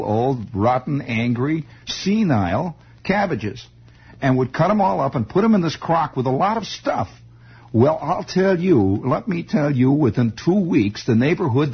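A man's voice: mid-range voice, husky. A man telling a rambling comic story, full of digressions and teasing asides to the listener. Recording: dull lo-fi recording.

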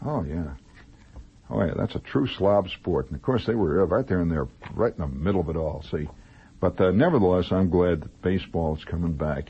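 A man's voice: fairly low pitch, big pitch swings, normal speed, slightly rough. A man hosting a radio show, reading commercials as rambling, mock-serious jokes from a studio. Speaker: radio host. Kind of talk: comic ad-libbed radio commercials. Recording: dull lo-fi old radio broadcast.

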